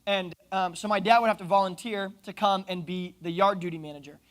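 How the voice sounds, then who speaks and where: A young man from Oklahoma preaching a youth sermon, telling stories with jokes and quick asides. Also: high-pitched. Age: young adult. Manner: animated, joking storyteller with asides. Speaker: youth pastor.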